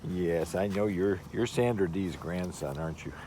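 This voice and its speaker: A man filming his dogs outdoors in a yard, talking to them in a coaxing way and gently scolding their rough play. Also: sits low, normal speed, slight background noise. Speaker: dog owner filming his pets. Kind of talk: casual talk to pets.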